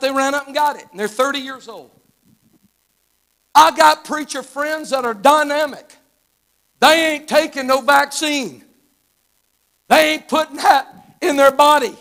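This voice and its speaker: A man's voice: extremely high pitch, a bit bright. A man in his fifties from Arkansas with a Southern American accent, preaching a live church sermon in a fervent, folksy storytelling manner. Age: 50s. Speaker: guest preacher. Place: church sanctuary.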